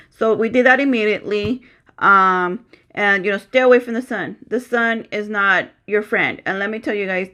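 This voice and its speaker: Bright-voiced chatty woman in her thirties. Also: medium pitch. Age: 30s. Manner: chatty, addresses viewers as guys, acts out dialogue. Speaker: vlogger sharing a personal story. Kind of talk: casual personal vlog.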